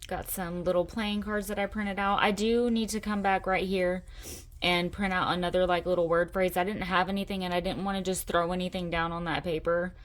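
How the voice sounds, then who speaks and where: A middle-aged woman with a lowish voice, chatty and enthusiastic as she hosts her own craft channel. She talks in a relaxed show-and-tell way, gushing about the details she shows. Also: a little fast. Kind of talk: casual show-and-tell vlog.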